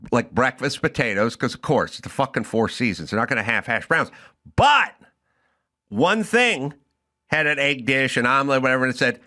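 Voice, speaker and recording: A man's voice: on the high side, sharp tone. A man hosting a talk show, ranting with profanity and exasperation in a comedic way. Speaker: podcast host. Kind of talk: comedic rant.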